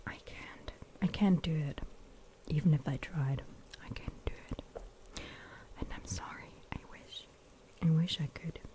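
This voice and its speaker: A woman's voice: deep voice, a little slow, pauses often, dark tone. A German woman whose first language is German, hosting a rambling, giggly whispered ASMR chat. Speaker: ASMR host.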